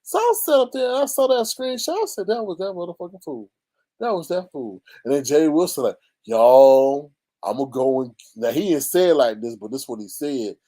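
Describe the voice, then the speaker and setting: Sassy guy spilling online tea on his live, voice swoops all over the place, jumps way up high. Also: fairly quick. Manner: animated and sassy, with sudden high exclamations and laughter. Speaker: live-stream commentary host. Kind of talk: casual gossip commentary on a live stream.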